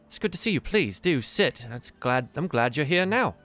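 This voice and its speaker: A man's voice: mid-range voice, sing-song, takes it slowly, a bit bright, faint music behind, pitched above the performer's own voice. A man voicing a genial retired male adventurer who works as a sly, friendly faction contact.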